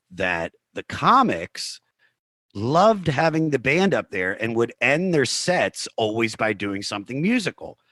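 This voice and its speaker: A bright-voiced male comedian, guesting on a podcast, tells stories in conversation in a mid-range voice with no room sound. His animated, fast anecdotes are full of "like" and "you know," and he acts out other people's remarks as he retells them.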